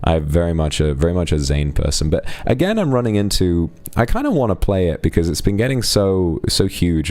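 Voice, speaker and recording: His pitch is extremely low and his tone darkish, with no room sound. The young man is live-streaming, thanking donors and trading frank, playful teasing with his audience in casual chat.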